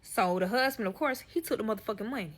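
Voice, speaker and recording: A woman's voice: fairly high pitch, quick pace, breathy edge. A woman telling a personal story in casual, profane fashion, talking straight to her audience. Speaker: storyteller guest.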